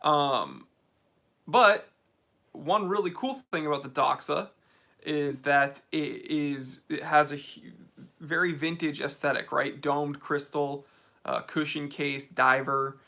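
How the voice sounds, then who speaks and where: American dude chatting on a livestream, kinda high voice, bright and lively, reading comments from home. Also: male voice, slow, creaky. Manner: laid-back, reads viewer comments aloud. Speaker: host of a watch channel livestream Q&A. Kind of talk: casual livestream chat. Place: game room at home.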